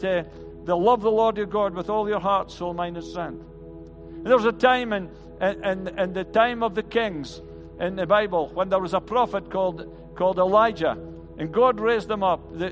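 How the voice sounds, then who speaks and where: A man's voice: high voice, normal speed, long reverb tail. A male pastor preaching an earnest sermon, often stumbling and restarting his words. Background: band music.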